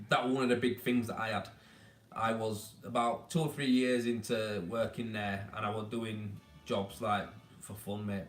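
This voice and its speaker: A man's voice: fairly low pitch, echoey room. A man from Leeds with a Yorkshire accent, chatting bluntly and casually on a live stream, calling viewers "mate" and giving them down-to-earth advice. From Leeds, England. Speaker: tradesman hosting a weekly live Q&A stream. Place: baby's room at home.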